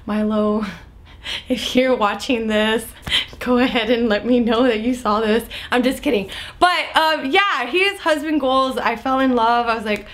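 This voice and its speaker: A young woman talks straight to her viewers in a chatty, animated recap. Her voice sits a little high for a woman. She fills her sentences with "like" and slips into little impressions of the people she describes. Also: measured pace. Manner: animated, lots of "like" fillers, acts out quotes. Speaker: vlogger recapping a TV episode.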